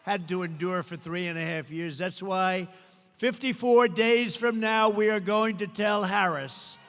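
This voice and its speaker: An older man giving an emphatic, repetitive campaign rally speech, sometimes shouting, recorded in a large indoor venue through a podium mic. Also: high voice, a little slow, soft background music. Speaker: political candidate. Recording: long hall reverb, faint crowd ambience.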